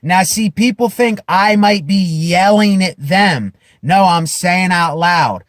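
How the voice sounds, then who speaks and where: A man giving an impassioned self-help monologue to camera, emphatic and repetitive, building at times to loud declarations. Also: sits high, dry recording, clean studio sound. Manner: slow, emphatic, repeats phrases, rises to shouting declarations. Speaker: vlogger.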